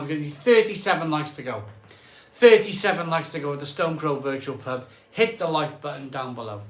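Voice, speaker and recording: A man with a fairly high, somewhat bright voice hosts a live stream from his chilly home conservatory bar. He reads viewer comments aloud in a chatty, rambling way, often repeating himself.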